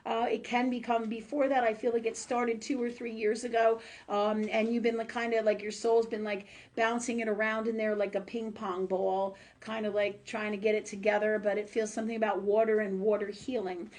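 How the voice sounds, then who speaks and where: A woman's voice: on the high side, flat delivery, a little fast, few pauses, a little mellow. A woman hosting a live-stream show and giving psychic readings, talking in a loose, chatty way with fillers and tag questions and the odd curse word. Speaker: host and psychic reader.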